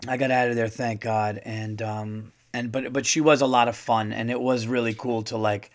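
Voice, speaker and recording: A man's voice: medium pitch, flat delivery, normal speed. A male comedian hosting a podcast, telling a rambling, self-deprecating story with stammers and restarts. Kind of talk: casual storytelling.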